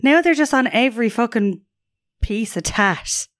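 A woman's voice: fairly high pitch, animated, a little slow, dry recording, studio quality. A young Irish woman co-hosting a podcast, chatting casually and bluntly, swearing freely and laughing often. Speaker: podcast co-host. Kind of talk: casual chat.

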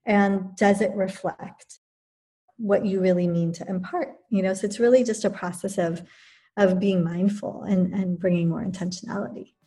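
A woman who teaches yoga, talking thoughtfully in a relaxed conversation, pausing and restarting as she works through her points. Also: mid-range voice. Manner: thoughtful, many restarts and fillers. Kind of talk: reflective conversational talk.

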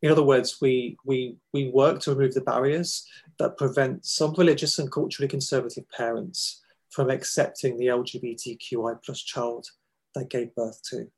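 A man telling a personal story in an interview, earnest and halting, with emotional pauses. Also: medium pitch, steady tone, a little mellow, breathy edge, rough recording. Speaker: guest, foundation founder.

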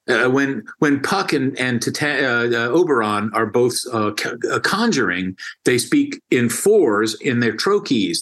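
A man's voice: mid-range voice, a bit bright. A man talking casually and enthusiastically as a guest, often restarting and repeating words as he explains. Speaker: music guest explaining opera.

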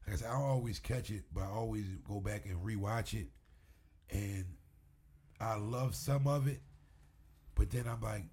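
A man who works as a wrestling promoter, chatting as a guest in a casual interview, an animated storyteller who swears freely. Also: on the low side, breathy edge.

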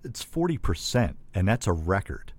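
Very deep-voiced man co-host. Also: sing-song, moderate pace. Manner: matter-of-fact, citing figures. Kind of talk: casual chat.

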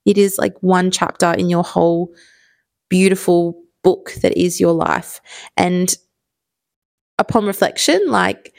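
A woman in her thirties with an Australian accent hosts a podcast, telling stories solo in a chatty, rambling way packed with fillers. Her lowish voice is steady, unhurried, creaky and a little mellow, with long pauses and no echo.

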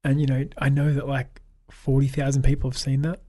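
A man's voice: medium pitch, completely flat delivery, a little fast, mellow. A young Australian man telling upbeat stories in a casual interview and acting out what people said to him. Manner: upbeat storyteller, acts out quoted dialogue, laughs often. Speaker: guest.

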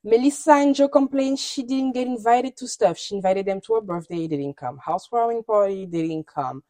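A woman's voice: mid-range voice, brisk, warm tone, no echo. A woman hosting a podcast, recapping reality shows in candid, gossipy, opinionated chat and often laughing. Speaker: podcast host.

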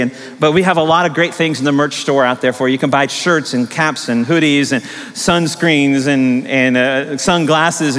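His voice is a little high and a bit bright as he delivers a sermon, first through personal storytelling and then through emphatic exhortation. The large church sanctuary gives it a long hall reverb.

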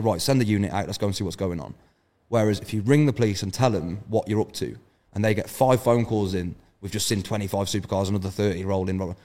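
A man's voice: on the low side, dark tone. A man telling brash, sweary road-trip stories as a podcast guest. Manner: brash storytelling, heavy swearing. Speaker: podcast guest, event organiser. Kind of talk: casual podcast chat.

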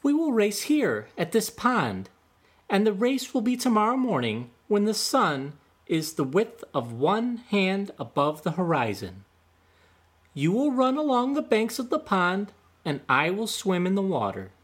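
A man voicing a calm, clever male turtle in a folk tale, speaking in a measured, patient way. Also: sits high, husky, pitched above the performer's own voice, full character voice.

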